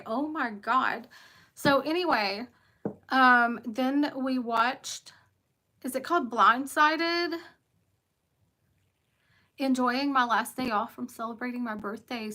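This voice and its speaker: Chatty West Virginia woman, high bright voice. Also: rough recording. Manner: chatty, rambling, greets live commenters by name. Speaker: tarot reader. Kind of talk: casual livestream chat.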